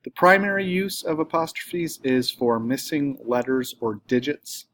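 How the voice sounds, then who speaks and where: A man's voice: mid-range voice, lively intonation, a little slow, fairly bright tone. A man teaching a recorded grammar lesson, explaining plainly step by step, with an occasional filler or self-correction.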